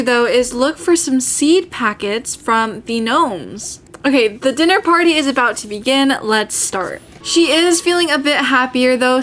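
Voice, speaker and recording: A woman giving casual, chatty commentary over her gameplay, excitable and gasping often. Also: sits high. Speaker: gaming channel host.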